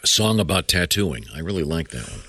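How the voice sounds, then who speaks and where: A man hosting a radio show with a fairly low voice that still swings widely up and down. His tone is bright and forward. He bounces through casual banter and keeps pushing the show along. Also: big pitch swings, fairly quick, husky, no echo.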